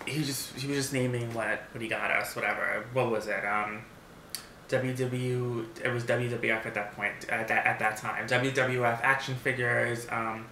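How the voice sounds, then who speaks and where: Bright-voiced man rambling in a roomy echo. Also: mid-range voice, a little hiss or hum. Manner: rambling storyteller, many restarts and fillers. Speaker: mukbang vlogger. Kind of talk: casual chat. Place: home, seated eating at a table.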